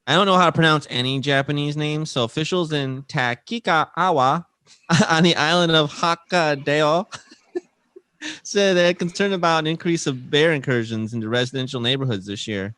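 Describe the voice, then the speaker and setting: A man's voice: a little high, normal speed, bright, forceful tone, clean tone, no echo. Male co-host, giggly news segment, dry close sound, casual banter. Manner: giggly, laughs through his own lines. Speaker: podcast co-host reading news stories.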